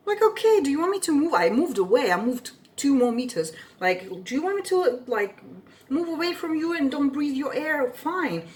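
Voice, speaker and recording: A young woman whose first language is Russian, telling a story in an indignant, expressive rant and swearing freely. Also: high-pitched, a little slow. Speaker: vlogger.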